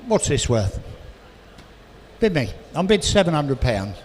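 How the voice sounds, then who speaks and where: Auctioneer calling bids rapidly. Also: male voice, fairly high pitch, very animated, darkish tone. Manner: rapid bid calling with chatty asides. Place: auction hall, indoors. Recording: reverberant hall with faint noise.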